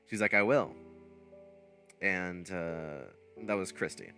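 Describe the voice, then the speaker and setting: A man's voice: low voice, normal speed, bright, forceful tone, soft background music. A man casually telling a long, rambling anecdote, full of fillers and restarts. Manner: rambling anecdote with many fillers and self-corrections, laughing at himself. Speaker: streamer. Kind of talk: casual storytelling.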